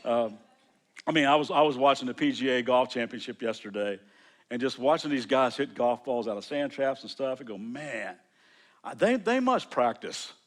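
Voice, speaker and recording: A middle-aged man from the United States preaches as a pastor, speaking in an everyday, conversational tone. He stumbles and restarts often as he recounts a personal story. His voice sits in an ordinary, middle pitch. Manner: conversational, halting with frequent restarts. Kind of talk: sermon storytelling.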